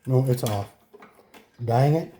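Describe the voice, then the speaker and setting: A man's voice: medium pitch, takes it slowly, dark tone, slight background noise. A man chatting casually to viewers while he works on a mower in his repair shop, correcting himself as he goes. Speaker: host fixing a lawn mower. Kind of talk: casual workshop vlog narration.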